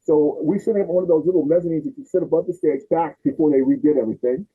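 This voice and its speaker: A fast-talking man in his sixties, his voice on the high side with a breathy edge, hosts a podcast and tells family stories in casual chat. He gets animated and acts out his relatives' voices, and the audio is tinny, like a phone line.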